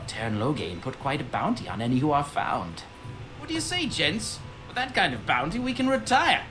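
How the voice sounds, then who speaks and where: An actress playing a smooth-talking female bandit leader in a video game. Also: low voice, big pitch swings, moderate pace, over music. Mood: sly. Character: sly female bandit leader posing as toll collector.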